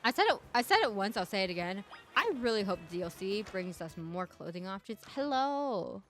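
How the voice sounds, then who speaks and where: A woman's voice: medium pitch, sing-song, a little fast, a bit bright, faint music behind. A woman streamer chatting casually over a game, her voice stuffy from congestion, rambling and talking to her chat. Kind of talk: casual gameplay commentary.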